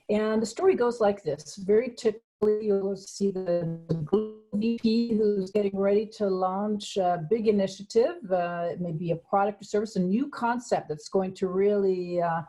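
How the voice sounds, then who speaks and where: This is a woman guest speaker on a webinar, talking over a video call. Her voice is mellow and warm, and she sits mid-range in pitch for a woman. She tells her story slowly and pauses often. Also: rough recording. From San Francisco, USA. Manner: unhurried storytelling, pausing often. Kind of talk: webinar presentation.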